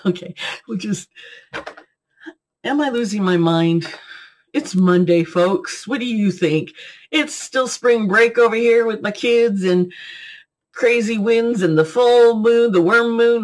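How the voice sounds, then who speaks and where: A woman's voice: mid-range voice, takes it slowly, long pauses. Chatty woman rambling in a vlog. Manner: chatty, giggly, jumps between topics. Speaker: beauty and tarot vlogger. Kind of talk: rambling casual vlog chat.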